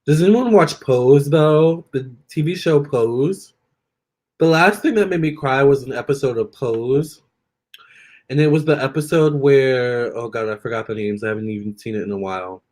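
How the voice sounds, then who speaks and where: Chatty man on a live stream. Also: mid-range voice. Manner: chatty and expressive, addresses viewers directly. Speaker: live-stream tarot reader. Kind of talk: casual live-stream chat with viewers.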